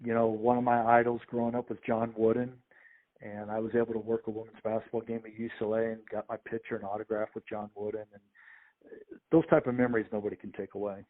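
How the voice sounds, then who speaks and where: A man, a sports official and podcast guest, telling lively anecdotes and acting out the people in them. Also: fairly low pitch, fast talker. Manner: animated anecdotes with quoted voices. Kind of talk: storytelling interview. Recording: phone-like narrow audio.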